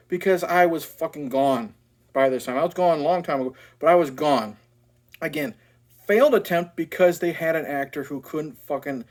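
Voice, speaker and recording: A man ranting in a casual movie review, blunt, profane and sarcastic. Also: fairly high pitch.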